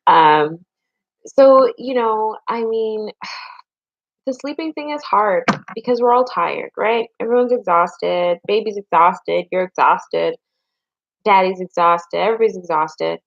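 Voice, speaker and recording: A woman's voice: mid-range voice, slow, dry recording, dull audio. A young adult woman and parent giving frank, chatty advice straight to her viewers. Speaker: vlogger and parent. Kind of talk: casual chat to camera.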